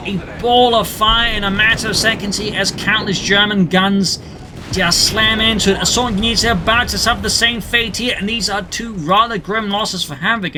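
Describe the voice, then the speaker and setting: A man commenting a strategy game replay play by play, adding history asides. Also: high voice. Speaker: game caster. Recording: game sounds and engine noise behind the voice. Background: in-game battle sounds and vehicles.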